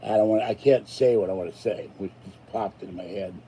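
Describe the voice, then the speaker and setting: A man's voice: lowish voice, brisk, dark tone, a little hiss or hum, low-quality recording. A tired older man from Pittsburgh, a channel host rambling and grumbling through a casual live stream sign-off. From Pittsburgh, USA.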